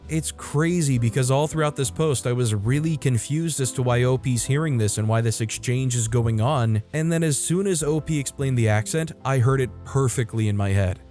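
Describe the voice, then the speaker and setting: A man reads out online stories in an easygoing, conversational way, breaking off now and then for chatty asides of his own. His voice sits at a middling pitch for a man, and faint music plays quietly under his narration. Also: moderate pace, few pauses. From United States. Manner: conversational, chatty asides between read passages.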